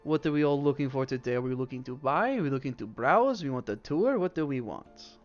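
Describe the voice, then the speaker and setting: A man's voice: medium pitch, expressive, fairly quick, lightly acted. A man voicing a poised elven male shopkeeper who greets customers with polished salesman patter. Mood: welcoming. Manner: smooth, welcoming salesman patter. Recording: dull lo-fi stream audio with faint music.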